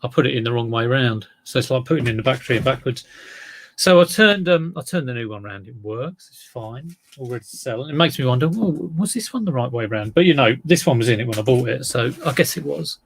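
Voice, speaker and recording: An English online reseller chats casually in a vlog, rambling, drifting off topic, and poking fun at himself. His voice is mid-range and quick, with slight background noise.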